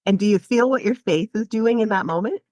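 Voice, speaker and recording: A woman's voice: medium pitch, a little fast, darkish tone, no room sound. A woman psychotherapist guest on a podcast, talking animatedly, laughing often and acting out quoted voices. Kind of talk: podcast interview.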